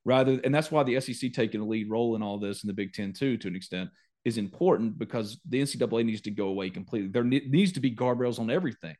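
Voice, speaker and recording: A man hosting a casual sports podcast, animated, quick to joke and rant. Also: medium pitch. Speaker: podcast host.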